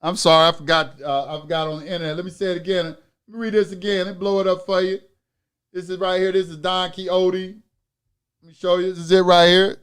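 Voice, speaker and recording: High-voiced man ranting in a live class. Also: little pitch movement, fast talker, smooth. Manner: profane, preachy, swings from loud ranting to muttering. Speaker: instructor of an online class. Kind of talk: live online lecture.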